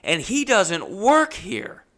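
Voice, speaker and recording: A man's voice: high-pitched, huge pitch swings, slow pace, pushed and bright, voice pushed up, full character voice. A man voicing an exasperated male tattoo shop boss who talks bluntly and emphatically.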